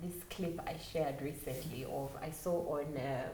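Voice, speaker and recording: A woman's voice: sits low, fairly even intonation, unhurried, a crowd in the background. A Ugandan woman co-hosting a podcast, chatting casually and telling candid stories in which she mimics other people. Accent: Ugandan English. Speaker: podcast co-host. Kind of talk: casual chat. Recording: roomy echo.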